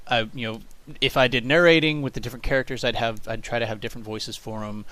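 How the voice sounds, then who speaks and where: A young man chatting loosely on a home podcast. He rambles, restarts his sentences and leans on fillers, in a voice of middling pitch. The talk is relaxed and unscripted. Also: fast talker, dry recording, low-quality recording. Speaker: podcast co-host. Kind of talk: casual chat.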